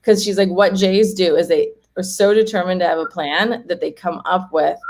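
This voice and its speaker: A woman's voice: on the low side, normal speed, a little mellow. A woman guest chatting in an interview, talking freely, laughing often and acting out what people said. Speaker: home organizing guest. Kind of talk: casual interview chat.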